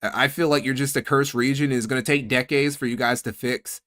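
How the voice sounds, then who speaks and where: A man's voice: medium pitch, steady tone, fairly quick, fairly bright tone. A young man streaming and reacting to a clip in casual chat. He talks in a sarcastic, profane, rambling way.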